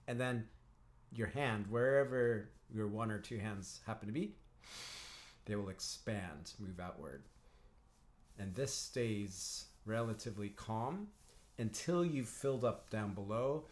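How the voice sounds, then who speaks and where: A didgeridoo teacher and counsellor leads a calm breathing lesson live, his voice on the low side and a little slow. Speaking instructively, he frequently clears his throat and chats with and greets viewers in the live chat.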